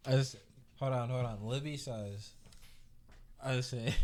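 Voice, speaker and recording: A man's voice: mid-range voice, takes it slowly, a little mellow. A man hosting a live reaction show, talking bluntly and profanely with laughing asides. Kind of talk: casual reaction commentary.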